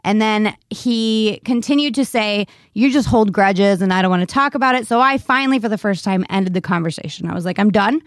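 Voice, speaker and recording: A woman's voice: medium pitch, brisk, hardly any pauses, no room sound, clean studio sound. A woman co-hosting a casual podcast chat, talking candidly and laughing often. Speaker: podcast co-host.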